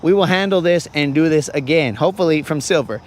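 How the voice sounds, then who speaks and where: A man's voice: on the high side, quick pace. Slangy, joking male fishing streamer rambling from a boat, with a slightly raised voice. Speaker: fishing livestream host. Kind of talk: casual rambling livestream chat. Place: on a boat on a lake, outdoors.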